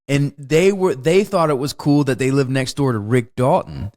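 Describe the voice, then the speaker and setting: A man's voice: mid-range voice, moderate pace, darkish tone. A man co-hosting a podcast in casual chat, rambling loosely and swearing freely. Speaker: podcast co-host.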